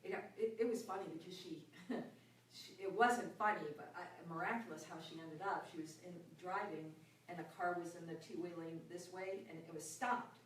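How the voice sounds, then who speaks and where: Animated woman storyteller, echoey room. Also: fairly low pitch, normal speed, a little hiss or hum. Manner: animated, laughs often, acts out voices in her story. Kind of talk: personal storytelling in a group talk. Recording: echoey room, mic far off.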